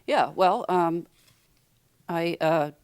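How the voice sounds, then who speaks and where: Guest spot: middle-aged woman academic, low voice, measured and explanatory. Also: a little mellow, clean tone. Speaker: linguistics professor guest. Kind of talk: casual interview talk.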